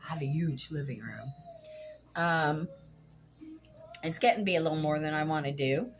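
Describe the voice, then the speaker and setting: A woman's voice: sits low, normal speed. A middle-aged woman vlogging casually at home while cooking, telling a story bluntly and indignantly, swearing freely.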